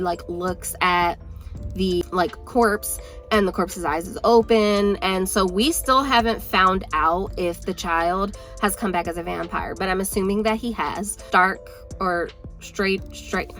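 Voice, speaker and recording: A woman's voice: on the low side, measured pace, fairly bright tone, faint music behind. A young woman vlogging about a book she is reading, talking in a chatty, rambling way full of "like" fillers. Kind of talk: casual chat.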